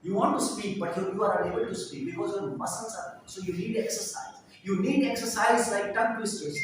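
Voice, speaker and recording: A man's voice: high voice, brisk, hardly any pauses, a little hiss or hum. Man teaching in an echoey room. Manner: demonstrative, repeats drills and tongue twisters. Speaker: English teacher. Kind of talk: spoken English lesson. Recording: echoey room, mic far off.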